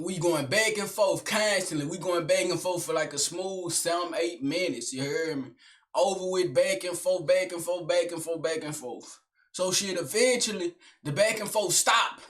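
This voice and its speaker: Male storyteller: animated, heavily profane, slangy, talks straight to the audience. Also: high-pitched. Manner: animated, slangy and profanity-laced, with frequent check-ins to the listener.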